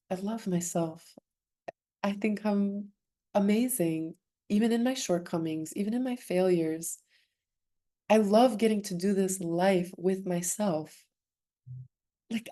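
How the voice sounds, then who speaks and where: A woman's voice: mid-range voice, warm tone. A young woman, a former swimmer, speaking as a podcast guest in an earnest, emotional way, laughing often and restarting her sentences. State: emotional, close to tears. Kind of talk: heartfelt conversational interview.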